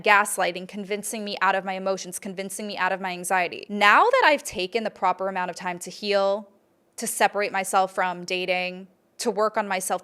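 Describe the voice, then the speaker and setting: A woman's voice: mid-range voice, fairly bright tone. Blunt, emphatic woman podcast host. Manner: emphatic and blunt, swears freely. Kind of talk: candid personal monologue.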